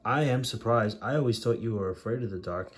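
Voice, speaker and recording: A man's voice: on the low side, a little fast, natural voice. A man voicing a cheeky male engine who teases his friend in a mocking, sing-song way. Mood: teasing.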